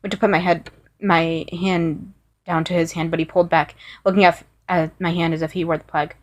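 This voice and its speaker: A woman's voice: fairly low pitch, level tone, brisk. A woman reading first-person fan fiction aloud in an earnest way, with small restarts. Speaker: story reader.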